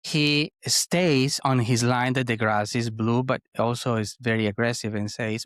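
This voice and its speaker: A man, co-hosting a talk show, telling a story in a lively, animated way. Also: medium pitch, measured pace, hardly any pauses, dry recording, studio quality. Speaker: podcast co-host. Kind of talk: conversational storytelling.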